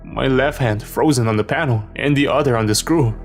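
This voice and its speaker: A man's voice: medium pitch, brisk. A man narrating a horror story in a tense, dramatic scripted reading. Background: background music.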